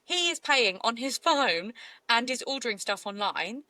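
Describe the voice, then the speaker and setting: A woman co-hosting a casual true-crime podcast, animated and outraged, often laughing. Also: fairly high pitch, moderate pace, dry recording. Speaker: podcast co-host.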